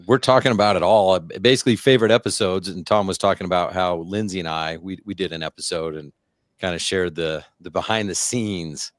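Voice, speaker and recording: A man's voice: low voice, a little fast, no echo, studio quality. A man hosting a podcast, talking candidly in a casual chat over a video call, often repeating words as he goes. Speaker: podcast host.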